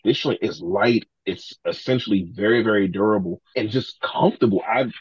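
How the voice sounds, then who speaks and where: A man, a podcast guest, telling animated stories in casual talk, acting out other people's lines and swearing freely. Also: fairly low pitch, normal speed, husky, no echo, highs cut off. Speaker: podcast guest, sneaker collector. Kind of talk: casual storytelling.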